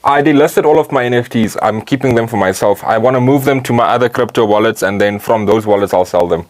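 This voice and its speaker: A man's voice: medium pitch, fast. A man, hosting a podcast in casual, laid-back chat, swearing and laughing often. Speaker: podcast host.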